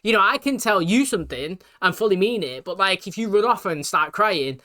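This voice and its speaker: A man's voice: high voice, animated, a little fast, bright, forceful tone. A British man giving casual, rambling commentary as a reaction video host, chatting and laughing as he talks.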